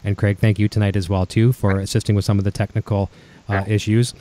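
A man's voice: lowish voice, little pitch movement, quick pace, warm tone. A man with a Canadian accent hosting a casual online chat show, upbeat and effusive with his guests. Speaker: show host. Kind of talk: casual video-call chat.

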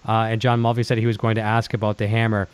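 A man's voice: on the low side, completely flat delivery, fast talker, clear, resonant tone, no echo. A man hosting a casual live-streamed interview, rambling into his questions with plenty of fillers and restarts. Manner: rambling, friendly with many fillers. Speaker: livestream show host.

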